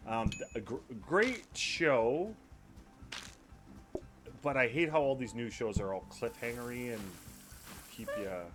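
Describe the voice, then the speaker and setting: A man with a mild Canadian accent, casually rambling to himself while commenting on his gameplay. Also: fairly low pitch. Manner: relaxed rambling chatter, hums and talks to himself. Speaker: gaming YouTuber.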